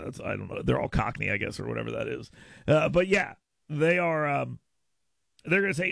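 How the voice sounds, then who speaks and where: This American talk radio host delivers an opinionated monologue in a brisk, gravelly, slightly bright voice of medium pitch, with no echo. He often stammers and restarts, doubling the opening words of his sentences.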